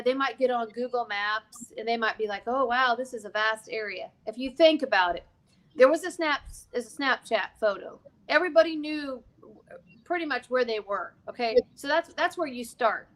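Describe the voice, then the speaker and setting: A woman's voice: a little high, fairly bright tone. A woman guest in a casual talk, explaining things in an emphatic, digressive way with many asides. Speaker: podcast guest. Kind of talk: casual conversational storytelling.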